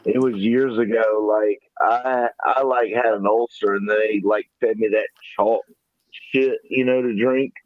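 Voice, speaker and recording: A man co-hosting a podcast, telling a crude story in a rambling, profane way with halting restarts. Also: fairly low pitch, steady tone, no room sound, narrow, tinny audio. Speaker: podcast co-host. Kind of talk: casual storytelling.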